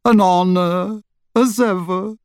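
A man doing a squeaky, fussy little wizard. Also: slow pace, smooth, no room sound, studio quality. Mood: excited, polite. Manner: squeaky, excited, overly courteous. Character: excitable small older wizard, fussy and polite.

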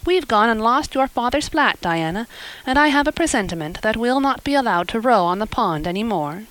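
A woman's voice: on the high side, lively intonation, brisk, a bit bright, low-quality recording. A woman voicing an impulsive, romantic young girl who talks earnestly and at length in a storybook reading. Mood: flustered. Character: eager young woman, chatty, romantic, spirited.

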